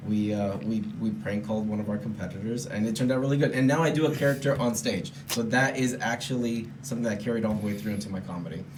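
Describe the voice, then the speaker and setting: A man's voice: on the low side, fairly even intonation, quick pace, few pauses, noisy background. A man from Romania, a comedian, telling a story in a casual interview, laughing often. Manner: laughing storyteller, self-deprecating. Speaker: comedian guest.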